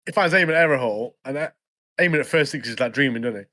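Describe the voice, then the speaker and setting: A man's voice: medium pitch, animated, fast talker, bright, forceful tone. A young man, co-hosting a podcast in easygoing casual chat, often laughing. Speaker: podcast co-host.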